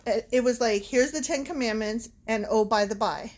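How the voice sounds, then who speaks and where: A woman's voice: fairly high pitch, moderate pace. A woman co-hosting a podcast, chatting casually with playful, giggly banter. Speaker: podcast co-host. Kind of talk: casual chat.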